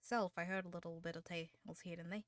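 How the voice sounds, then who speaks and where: A woman's voice: on the low side, steady tone, quick pace, dry recording. A woman playing at a tabletop game, chatting eagerly and giggling. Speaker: player. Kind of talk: casual tabletop play.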